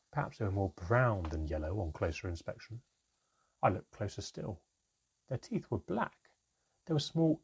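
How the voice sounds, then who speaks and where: A man reading a fantasy story aloud, slowing down for dramatic moments. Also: lowish voice, a little mellow, husky. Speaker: narrator. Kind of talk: scripted story narration.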